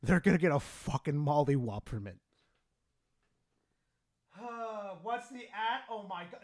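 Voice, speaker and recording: A young man streaming live, excitable and swearing, swinging from loud shouts to low mumbles. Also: measured pace, long pauses, no echo, studio quality. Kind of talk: casual live-stream chat.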